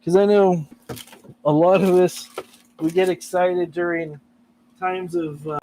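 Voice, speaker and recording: A man's voice: high voice, fairly even intonation, measured pace, warm tone, slight background noise, low-quality recording. A man chatting casually on a live stream about guitar repair, laughing often and reading out chat messages.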